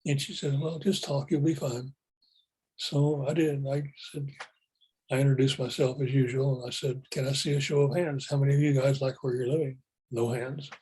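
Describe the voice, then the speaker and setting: A calm man tells his story at an unhurried, even pace. His voice is mellow and a little husky. He keeps a plain, matter-of-fact tone. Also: medium pitch, poor audio. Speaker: speaker telling spiritual experiences. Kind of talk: personal storytelling.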